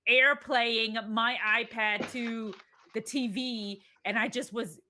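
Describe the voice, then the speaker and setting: A chatty woman co-hosting a relaxed livestream who laughs easily. Her voice is high and bright, with a sharp, forward edge. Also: slow pace. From Texas. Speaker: co-host. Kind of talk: casual chat with live viewers.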